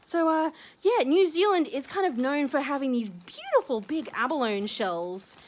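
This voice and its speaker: A young woman talks to her viewers in a casual vlog, gushing and rambling with plenty of fillers. Her voice sits high and swoops all over the place. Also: big pitch swings, normal speed. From Australia. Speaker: shell-collecting vlogger.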